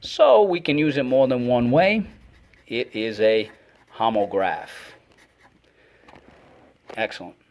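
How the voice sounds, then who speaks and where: A man's voice: medium pitch, very animated, takes it slowly, long pauses, darkish tone, lo-fi sound. A man teaching a phonics lesson to children, energetically calling out words and repeating them for the class to echo.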